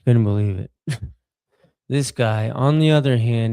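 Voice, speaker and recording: A man's voice: medium pitch, unhurried, mellow, clear, resonant tone, no room sound, clean studio sound. A man hosting a livestream, giving blunt, profane, sarcastic reactions to clips while slightly out of breath from push-ups. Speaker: livestream host reacting to videos. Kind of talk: casual reaction commentary.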